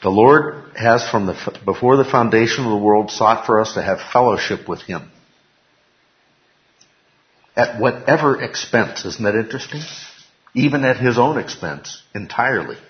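A man's voice: lowish voice, animated, moderate pace. Emphatic man teaching a Bible class. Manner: emphatic, repeats key phrases, asks the class questions. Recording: echoey room, dull lo-fi sound.

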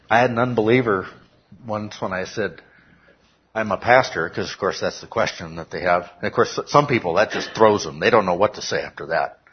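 A man's voice: lowish voice, slightly rough, dull audio. A male pastor preaching a sermon, often checking in with "okay?" and rising to emphatic outbursts. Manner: peppers talk with "okay?", rises to emphatic shouts. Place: church.

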